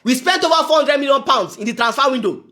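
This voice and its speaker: A man with a Nigerian accent ranting as a football fan, loud and exasperated, firing off rhetorical questions. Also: very high-pitched, expressive, fast talker.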